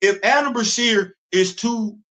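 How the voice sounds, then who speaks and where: A high-pitched, bright middle-aged man hosts his own casual commentary show. He speaks heatedly and emphatically, hammering his points with repetition. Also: measured pace. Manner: heated, emphatic, repeats himself. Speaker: host.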